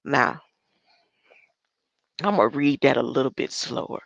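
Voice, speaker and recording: A woman's voice: rumbling low, expressive, unhurried, gravelly, dry recording. A woman giving conspiratorial commentary on a speech, talking back to it with rhetorical questions. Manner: asks rhetorical questions, talks back to the clip. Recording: dull lo-fi dry recording.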